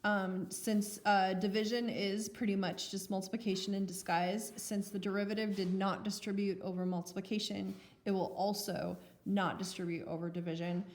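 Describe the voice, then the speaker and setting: A woman math teacher talks through a recorded lesson in a chatty, self-mocking way. Her voice sits at a middling pitch. It carries a roomy echo. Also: level tone, normal speed, few pauses, darkish tone. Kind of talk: recorded lecture.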